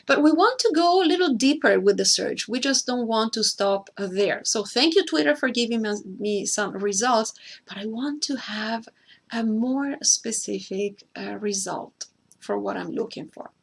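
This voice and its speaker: A woman hosts a screen-share tutorial, carefully explaining every step, repeating key points, and occasionally addressing a co-host by name. Her voice is a little high and gravelly, slightly rough, with lively intonation at a moderate pace.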